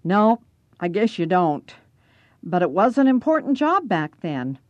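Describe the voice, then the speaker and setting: A raspy, gruff old man , as a woman reader puts him on leans on each question with a sharp, suspicious edge and a lively rise and fall in his voice. The sound is close and dry. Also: lowish voice, unhurried, dry recording, lo-fi sound, voice pushed up.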